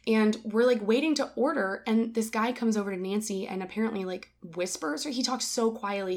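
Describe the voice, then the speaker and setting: A woman co-hosting a relaxed podcast conversation. She tells her stories in a lively, rambling way, full of "like" and acted-out quotes. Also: a little high, fairly quick, hardly any pauses. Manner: animated storyteller, lots of "like". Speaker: podcast co-host. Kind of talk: casual chat, storytelling.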